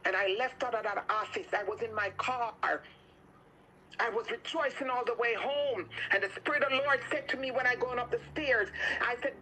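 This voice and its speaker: A woman's voice: fairly high pitch, moderate pace, sharp tone, slight background noise, rough recording. A woman with a Jamaican accent sharing her healing testimony, then praying with rising fervor. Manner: fervent, repetitive, rising into commanding prayer.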